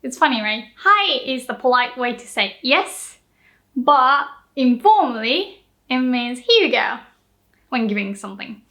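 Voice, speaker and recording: A young woman with a Japanese accent, teaching Japanese in a casual lesson, slowly repeating example phrases. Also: high-pitched, big pitch swings, pushed and bright.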